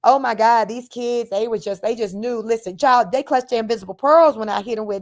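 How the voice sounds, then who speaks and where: A woman's voice: on the high side, fairly quick. A middle-aged woman from Northern California with a Bay Area accent and a slight Southern twang, chatting casually to a livestream and telling stories with frequent laughter. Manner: animated storytelling, laughs often, reads chat comments aloud. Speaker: livestream host.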